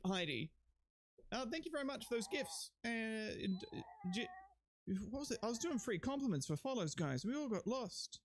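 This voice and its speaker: A man's voice: very high-pitched, sing-song, normal speed. A man chatting casually on a live stream, rambling, joking and swearing as he thanks viewers, his voice a bit strained and sore. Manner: rambling, jokey, swears freely, shouts out viewers. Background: music playing under the voice.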